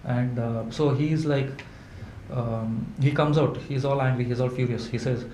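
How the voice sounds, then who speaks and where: A man, telling folk tales to a live audience in a halting way, with many fillers and restarts. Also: mid-range voice, fairly even intonation, a little mellow. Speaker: storyteller. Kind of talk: live folklore storytelling. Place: event hall indoors. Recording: echoey room with faint hum.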